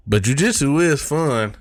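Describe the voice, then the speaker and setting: A man co-hosting a podcast, telling stories in a casual, profane way, laughing often and acting out quotes in a lower voice. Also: a little hiss or hum. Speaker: podcast co-host. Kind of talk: casual chat.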